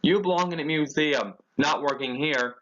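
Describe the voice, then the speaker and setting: A man's voice: a little high, normal speed, fairly bright tone, natural voice. A man voicing a spiteful, boastful male boat who taunts the engines, in a dull lo-fi recording. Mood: sneering. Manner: sneering and taunting.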